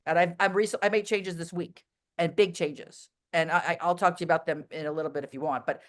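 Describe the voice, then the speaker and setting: A woman guest in a casual interview, talking bluntly and telling animated stories with plenty of fillers. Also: on the low side, fast talker.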